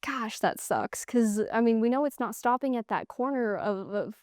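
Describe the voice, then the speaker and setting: A woman's voice: fairly high pitch, normal speed, mellow, no echo, clean studio sound. A young woman telling hunting stories in a casual interview, acting out quoted exchanges and laughing often. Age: young adult. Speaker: guest, hunter.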